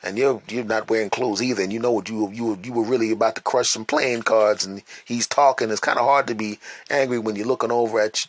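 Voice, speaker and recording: A man hosting a podcast, telling stories in an animated, emphatic way and repeating words for effect, recorded on a phone. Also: lowish voice, fairly quick, hardly any pauses, dry recording. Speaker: podcast host. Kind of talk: casual monologue.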